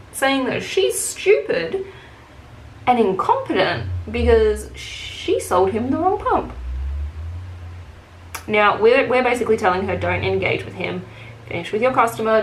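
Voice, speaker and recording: In an echoey room with a bit of hiss or hum, a woman with a fairly high voice does her makeup and tells casual stories as a beauty vlogger. Her manner is blunt and full of swearing, and she livens up when quoting herself.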